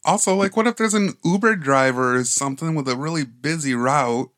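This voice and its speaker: A man's voice: on the high side, fairly quick, fairly bright tone. A man co-hosting a casual podcast, playful and full of follow-up questions. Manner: laughs easily, playful, asks follow-up questions. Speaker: podcast co-host.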